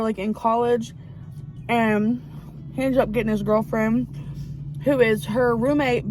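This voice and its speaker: A woman, chatting excitedly and rambling with many fillers as she recaps a romance novel. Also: on the high side, slight background noise, rough recording. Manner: gushing, rambling, lots of fillers. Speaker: book vlogger. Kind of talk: casual book review chat. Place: outdoors near a parking lot.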